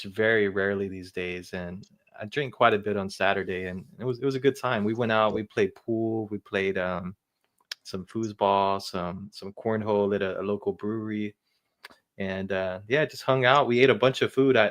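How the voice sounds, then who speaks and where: A man's voice: fairly low pitch, steady tone, normal speed, a bit bright. A man co-hosting a podcast in casual chat, easygoing, laughing often and restarting his sentences. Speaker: podcast co-host.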